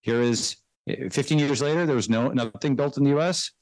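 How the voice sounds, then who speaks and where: A man with a mid-range, slightly mellow voice, recorded dry, speaks as a guest investor in a conversational interview. He talks fast and emphatically, often tagging his points with "right?" and "okay."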